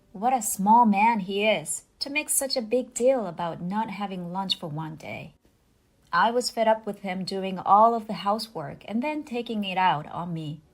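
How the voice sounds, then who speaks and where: A woman reading a first-person family story in measured, scripted narration. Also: mid-range voice, lively intonation, faint music behind.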